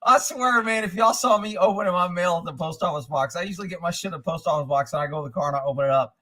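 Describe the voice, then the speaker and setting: A man's voice: high voice, very fast, bright, forceful tone. A man hosting a casual livestream, reading comments and telling rambling, profane stories with frequent laughter. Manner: profane, rambling storyteller who laughs often. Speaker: livestream host. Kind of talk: casual live-stream chat, reading comments.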